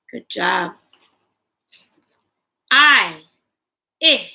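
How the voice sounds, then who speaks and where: A woman teaching young children over a livestream, playful and sing-song, acting out each word of an alphabet warm-up. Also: fairly high pitch, drawn-out words, vocal fry, pauses often. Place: home livestream.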